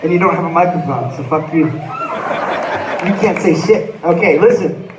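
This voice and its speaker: A man's voice: a little high, unhurried, crowd noise, background noise. A rock band frontman doing profane, rambling onstage banter between songs at a live concert. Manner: profane, rambling, joking storyteller. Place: large concert hall stage. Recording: echoey, distant audience recording.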